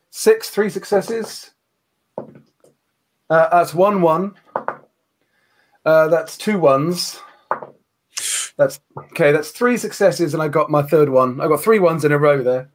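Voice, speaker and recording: A man playing in a tabletop game, animated, laughing often and swearing. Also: on the high side, takes it slowly, long pauses, a little hiss or hum. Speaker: player. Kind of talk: casual tabletop play.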